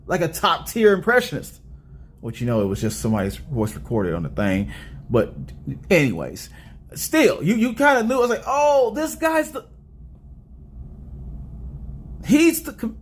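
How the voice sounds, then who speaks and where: A young man giving a casual movie review in an animated, rambling and joking way. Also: a little high, breathy edge.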